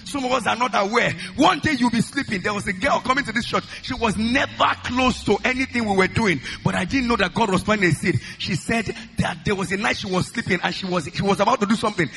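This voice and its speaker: A man preaching as a pastor, leading loud prayer with fervent, repeated declarations, each phrase often opened with "uh". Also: high voice, fairly quick, gravelly, hardly any pauses, faint music behind. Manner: repeats lines in a rhythmic chant. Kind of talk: sermon and loud congregational prayer.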